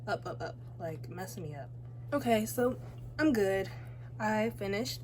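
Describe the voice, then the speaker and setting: A woman's voice: medium pitch, expressive, a little slow, darkish tone, slight background noise. A teenage girl chatting casually while doing her makeup, rambling and interrupting herself with asides. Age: teens. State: out of breath. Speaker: beauty vlogger. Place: home, by a window.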